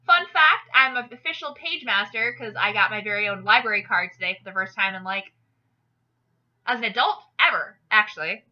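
A woman hosting a podcast, telling jokes in an animated, chatty way. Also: medium pitch, brisk, highs cut off. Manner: animated, jokey storyteller with fillers. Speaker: podcast host. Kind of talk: casual joke-telling chat.

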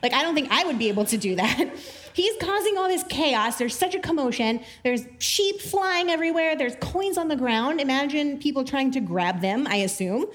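Chatty, animated woman teaching the Bible. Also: sits high, normal speed. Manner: chatty and animated, many "like" fillers, laughs often.

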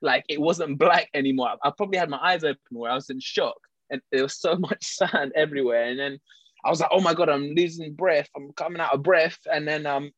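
A man telling a story in casual chat, animated, laughing often and restarting his sentences. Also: fairly high pitch, dry recording.

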